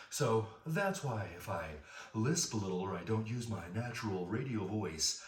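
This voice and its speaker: Middle-aged man, rambling self-deprecating storyteller, low voice, echoey room with some distance from the mic. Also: animated, normal speed. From Southern California. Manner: rambling, self-deprecating, with many fillers and restarts. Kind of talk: casual personal storytelling. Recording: roomy, from a distance.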